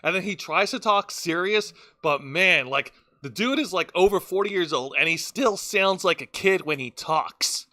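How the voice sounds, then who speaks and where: A man with a bright, slightly higher voice recaps wrestling shows in loose podcast chat. He rambles, trips over words and restarts lines. The sound is dry and close to the mic. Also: lively intonation, normal speed, few pauses, no echo. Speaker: wrestling show co-host.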